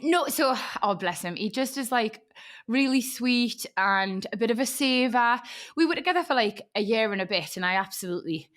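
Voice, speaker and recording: A woman's voice: on the high side, expressive, moderate pace, a bit bright. A woman in her thirties with a Geordie accent, hosting a podcast in casual chat, talkative and swearing freely. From North East England. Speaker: podcast host.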